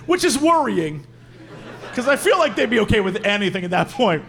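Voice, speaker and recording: A man co-hosting a live podcast, riffing in an animated, jokey, exaggerated way. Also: high voice, a little fast. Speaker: podcast co-host. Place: live venue stage.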